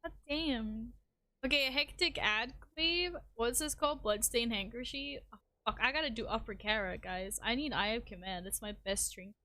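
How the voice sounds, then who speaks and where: A woman's voice: a little high, moderate pace, bright, forceful tone, no room sound. A woman streamer chatting casually with her viewers while gaming, rambling and swearing freely. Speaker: game streamer.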